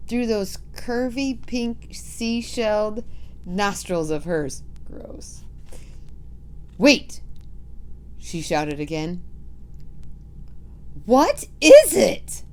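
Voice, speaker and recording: Slow-reading woman telling a story. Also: medium pitch, a little mellow, slight background noise. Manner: slow, vivid first-person narration.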